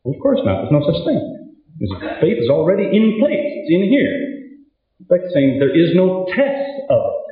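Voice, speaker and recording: A man gives a conversational lecture and tells stories, slipping into the voices of the people in them. His pitch swings widely from phrase to phrase. The sound is thin and tinny, with heavy echo from a big hall. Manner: storytelling, acts out both sides of dialogues. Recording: tinny, very echoey hall recording.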